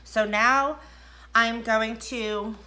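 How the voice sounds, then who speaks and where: A woman's voice: fairly high pitch, steady tone, drawn-out words, pushed and bright. A middle-aged woman chatting casually through a makeup tutorial at home, rambling and self-deprecating. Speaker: makeup vlogger. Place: indoors at home.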